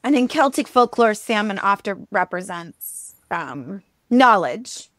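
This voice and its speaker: A woman co-hosting a podcast, casually retelling a myth in a chatty, animated way, with frequent ums and likes. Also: mid-range voice, takes it slowly, no room sound, studio quality. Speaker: podcast co-host. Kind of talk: casual storytelling chat.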